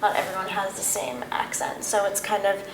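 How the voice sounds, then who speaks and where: A woman's voice: medium pitch, expressive, moderate pace, creaky. A woman in a seminar, offering a tentative, hedging point. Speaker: seminar participant. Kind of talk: discussion contribution. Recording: roomy room sound, background noise.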